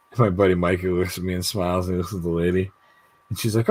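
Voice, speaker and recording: Casual livestream host, man from the United States, low husky voice, swears freely while telling stories. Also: steady tone, racing, darkish tone. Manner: storytelling, swearing, acting out quoted voices. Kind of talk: casual chat.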